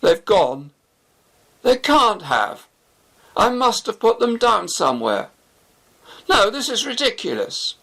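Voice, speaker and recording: Male reader doing a panicky young guy, high and gravelly. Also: expressive, slow pace, full character voice. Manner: frantic, whiny. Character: panicky young man, car owner.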